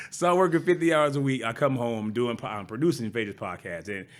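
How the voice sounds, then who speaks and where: Relaxed middle-aged man chatting. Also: medium pitch, measured pace. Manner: relaxed, conversational, frequent agreeing asides. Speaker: podcast co-host. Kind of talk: casual chat.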